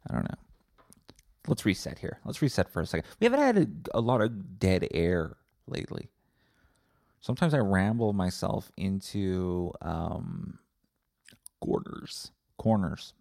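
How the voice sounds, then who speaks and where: Gravelly, sarcastic man ranting solo. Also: sits low, big pitch swings, moderate pace, darkish tone, dry recording, clean studio sound. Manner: sarcastic, profane, self-interrupting. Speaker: podcast host. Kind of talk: solo rambling podcast rant.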